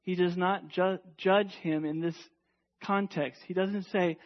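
A man preaching a sermon emphatically, asking rhetorical questions and dropping to a hush at times. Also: sits high, fairly even intonation, moderate pace, dull audio. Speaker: pastor.

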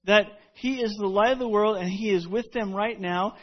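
A man's voice: sits high, normal speed, lo-fi sound. A man preaching a sermon, telling stories in a conversational way with frequent restarts. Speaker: pastor.

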